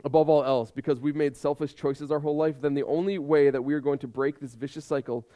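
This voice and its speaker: A man's voice: on the high side, steady tone, fast talker, dark tone. A man in his thirties preaching a sermon with emphatic repetition and rhetorical questions. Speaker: pastor.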